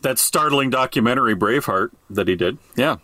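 A man co-hosting a casual comedy podcast, dryly sarcastic and quick to agree. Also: mid-range voice, no room sound. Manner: dry, deadpan sarcasm, agreeable. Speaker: podcast co-host.

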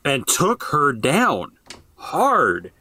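A man co-hosting a political podcast in casual chat, expressive and quick to back up his partner. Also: a little high, slightly rough, no room sound. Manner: expressive, backs up co-host with quick agreement. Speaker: podcast co-host.

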